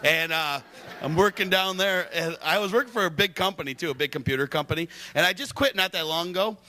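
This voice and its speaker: A young man from Michigan doing a stand-up comedy set in a club, hyper, loud and crude, laughing at his own jokes. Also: high-pitched, fast.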